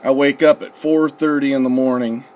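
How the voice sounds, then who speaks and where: A young man casually telling a story, profane and relaxed, quoting people with "I'm like" and "he goes.". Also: mid-range voice, normal speed. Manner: profane, laid-back, quotes others with "I'm like" and "he goes". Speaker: storyteller recalling his recruit days.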